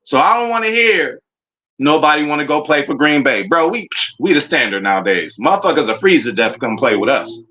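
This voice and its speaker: Excitable animated man hyping his team. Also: on the high side, brisk, highs cut off. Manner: excitable, slangy, talks to chat. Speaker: fan reaction streamer. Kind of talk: casual live reaction commentary.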